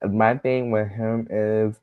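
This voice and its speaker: A man's voice: on the low side, steady tone, takes it slowly, clean tone, phone-quality sound. A man co-hosting a casual reality TV recap podcast, mostly chiming in with short agreeing remarks. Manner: brief agreeing interjections. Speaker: podcast co-host.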